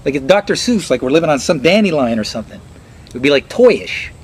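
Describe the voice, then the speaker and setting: A man ranting casually and sarcastically, swearing and slipping into high mocking voices. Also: sing-song, fast talker, husky, poor audio.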